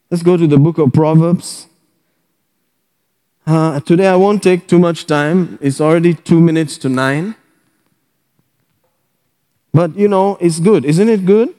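A man preaching a sermon as pastor, exuberant, breaking into loud laughter and whoops. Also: on the high side, big-room sound.

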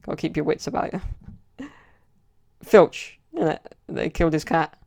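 A man's voice: on the high side, expressive, fast, gravelly, a little mellow. A man hosting a solo podcast, telling stories in a rambling, casual way with plenty of fillers. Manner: rambling storyteller, many fillers. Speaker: podcast host.

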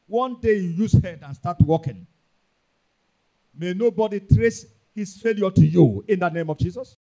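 A man with a Nigerian accent preaching a sermon, emphatic and repetitive, rising into loud bursts. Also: sits high, normal speed, creaky. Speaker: pastor.

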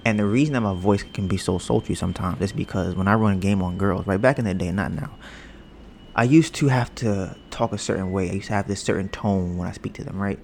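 A young man hosting a casual home podcast, rambling and joking, bragging about his smooth steady voice. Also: deep voice, brisk, a little hiss or hum. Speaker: podcast host. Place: home, storm outside. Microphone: podcast mic with headphones.

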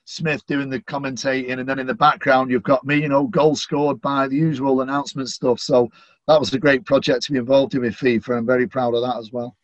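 A middle-aged Mancunian man talks in a relaxed, chatty way and leans on "you know" as he goes. His voice sits at an ordinary pitch. The recording is dry and a little muffled. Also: a little fast, no echo. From Manchester, England. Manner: warm, chatty, lots of "you know" fillers. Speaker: stadium announcer, podcast guest. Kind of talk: casual interview chat.

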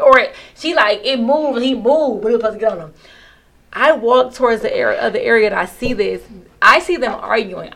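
A woman's voice: mid-range voice, creaky. A woman co-hosting a casual chat, telling a story and acting out the people in it. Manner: animated storyteller, acts out quotes. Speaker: podcast co-host.

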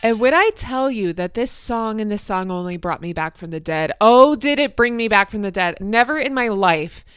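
A young woman hosting her podcast, telling a night-out story in a chatty, animated way and acting out what people said. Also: mid-range voice, moderate pace, few pauses, clear, resonant tone, soft background music. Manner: animated, chatty, acts out quotes. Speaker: podcast host. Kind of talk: casual storytelling.

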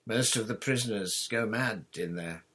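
A man reading aloud, voicing a calm, wry teenage boy who speaks bracingly to a friend. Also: lowish voice, moderate pace, husky.

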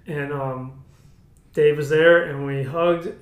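A man's voice: fairly high pitch, slow pace. A young man sharing his personal testimony in casual conversation, acting out his own past words as he tells it. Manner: animated storytelling, acts out his own past lines. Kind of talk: casual chat. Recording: roomy echo.

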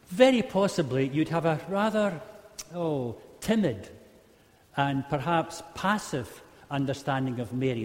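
A man with a voice on the high side and a darkish tone preaches a humorous sermon to a live group, captured with long hall reverb. Telling a Bible story, he acts out the quotes in varied voices.

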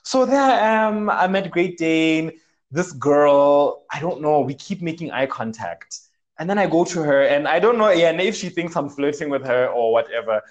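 A man's voice: on the high side, normal speed, dull audio. A young man, telling a personal story in a casual chat and leaning heavily on fillers like "like". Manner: animated, filler-heavy storytelling with many "like"s.

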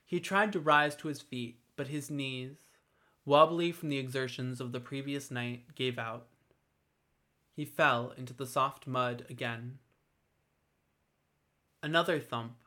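A man reading a fantasy story aloud in a steady, measured storytelling manner. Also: mid-range voice. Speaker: narrator. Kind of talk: scripted fantasy narration.

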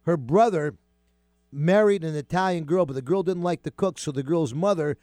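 A man's voice: normal speed, no room sound. A man with a New York accent hosting a talk show in casual, rambling chat. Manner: animated, rambling, loud jumps in pitch.

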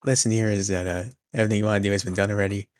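A young man co-hosting a podcast, chatting casually with dry, deadpan humor. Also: on the low side, rapid-fire, no room sound. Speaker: podcast co-host. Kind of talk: casual chat.

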